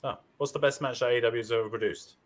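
A man's voice: mid-range voice, steady tone, fast talker. A man, co-hosting a casual podcast chat in a laid-back, hedging way. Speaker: podcast co-host.

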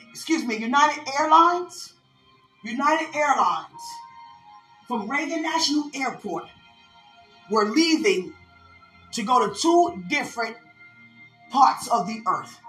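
A woman preaches with fervent conviction, calling out to listeners as she recounts a vision. Her voice sits a little high and rings in an echoey room. Faint music plays underneath. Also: a bit bright. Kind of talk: prophetic sermon.

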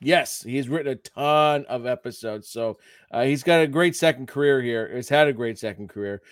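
Speaking at a normal speed in a medium-pitched voice, this man co-hosts a podcast and chats casually about a TV episode. He often laughs and acts out lines he quotes, and the recording is dry with clean studio sound.

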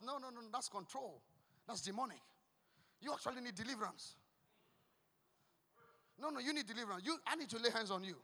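A man with a Ghanaian English accent, preaching a fiery sermon in church, shouting and repeating declarations. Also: very high voice, animated, fairly quick, pauses often. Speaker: pastor. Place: church hall. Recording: long echoing hall.

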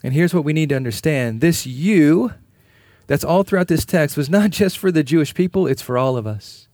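Emphatic male preacher, fairly high voice. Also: normal speed, darkish tone, no echo, studio quality. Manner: earnest, emphatic preaching with repeated phrases. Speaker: pastor. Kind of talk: sermon.

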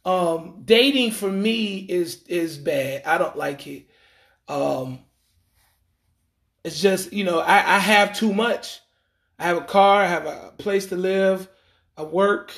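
High-voiced man telling a rambling story. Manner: rambling, animated, acts out quoted lines; frequent fillers and restarts, slangy. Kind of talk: casual storytelling monologue.

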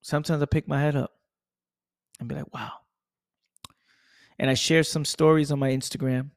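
Young male motivational podcast host: fairly high voice, emphatic and repetitive, swears a lot, very dry close sound. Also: little pitch movement, brisk, dry recording.

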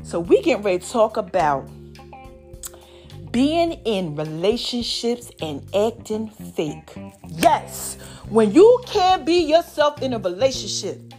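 A woman hosting a casual podcast, animated and drawn out, calling listeners baby and y'all, her voice a bit hoarse from allergies. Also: on the high side, slow pace, soft background music. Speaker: podcast host.

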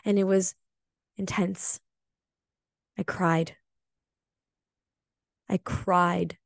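A woman hosting a solo spiritual podcast, telling a personal story in an earnest, emotional and confessional way, often slow and reflective. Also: lowish voice, little pitch movement, gravelly, dry recording, clean studio sound. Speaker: podcast host.

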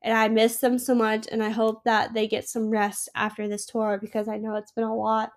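A woman's voice: fairly high pitch, completely flat delivery, normal speed. A sick young woman hosting her own podcast, gushing and emotional in a rambling casual chat. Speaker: podcast host.

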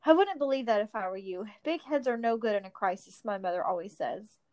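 A woman reading a storybook, voicing a sharp-tongued young hobbit girl who is defiant and tart. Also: medium pitch, brisk, lightly acted.

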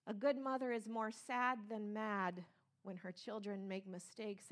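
A woman preaches with earnest emphasis. She repeats her key phrases and slows down on the words that matter most. Her voice sits at an ordinary, middle pitch for a woman. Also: fairly even intonation. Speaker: pastor, speaker. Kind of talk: sermon.

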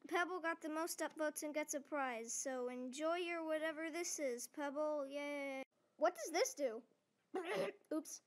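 A woman who voices every character in an animated object show herself, jumping between shrill shouts and flat mumbled asides. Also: a little slow.

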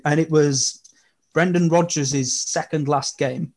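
Young man, casual podcast guest, animated storyteller. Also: on the high side, slow pace. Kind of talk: casual chat.

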